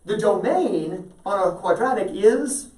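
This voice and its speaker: A man's voice: high-pitched, expressive, measured pace, darkish tone. A man teaching a math class, talking through problems and often checking whether students follow. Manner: asks the class frequent check-in questions. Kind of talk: classroom lecture. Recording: roomy echo, voice from far off.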